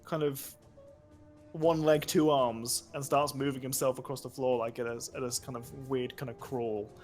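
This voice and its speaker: A man's voice: medium pitch, steady tone, moderate pace, a little mellow, faint music behind. A man running a tabletop game as game master, narrating scenes and bantering with laughter, over voice chat.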